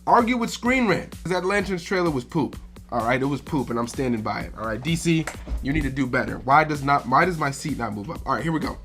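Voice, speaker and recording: Emphatic ranting man with bright voice. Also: medium pitch, lively intonation, quick pace, faint music behind. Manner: emphatic, profane, repeats "all right?". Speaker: host of a movie reaction channel. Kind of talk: ranting casual commentary.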